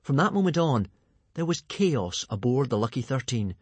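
A man narrating a children's storybook aloud in an expressive, lively way. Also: medium pitch, moderate pace, slightly rough, no echo. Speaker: audiobook reader.

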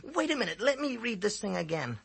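A man with a husky voice putting on a high, eager schoolboy who stalls and makes excuses in class. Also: sing-song, a bit bright, full character voice. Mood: bewildered. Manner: high, drawn-out, wheedling boy voice. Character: excitable schoolboy, eager and scattered.

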